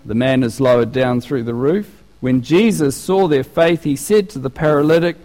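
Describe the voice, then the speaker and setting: A man preaching a sermon in an animated, conversational way, often restarting his sentences. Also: medium pitch, normal speed, few pauses. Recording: long reverb of a large hall.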